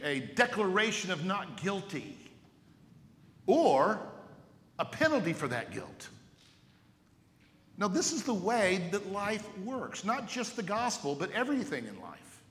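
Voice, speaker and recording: A man's voice: high voice, sharp tone. A male pastor preaching a sermon emphatically, with rhetorical questions and repeated words. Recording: echoey hall with long reverb.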